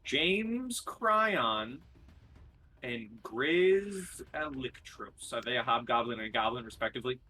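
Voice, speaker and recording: A man's voice: medium pitch, lively intonation, slow, pushed and bright, slight background noise. A man playing in a tabletop game, trading joking asides. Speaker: player.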